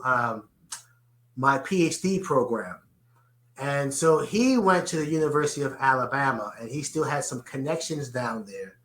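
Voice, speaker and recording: His voice a little high, bright and forceful, this middle-aged Bronx native speaks with a New York accent in a conversational podcast interview. He answers earnestly, frequently repeating words as he restarts sentences, against a roomy echo.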